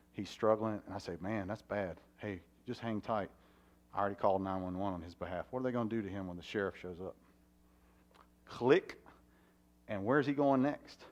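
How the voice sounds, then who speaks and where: Animated man giving a conference talk. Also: mid-range voice, highs cut off. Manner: animated, asks the audience questions. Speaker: fire chief speaker. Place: conference hall.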